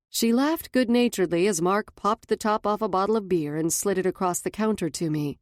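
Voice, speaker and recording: A woman's voice: medium pitch, fairly quick, few pauses, no echo, studio quality. A woman narrating a first-person fantasy novel in a wry, observant manner. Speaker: audiobook narrator.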